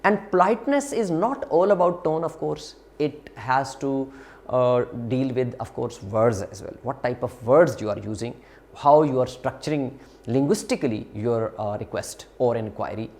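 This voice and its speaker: A man lecturing to a university class, explaining slowly with frequent fillers, restarts and repeated phrases. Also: mid-range voice, a little mellow. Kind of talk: recorded lecture.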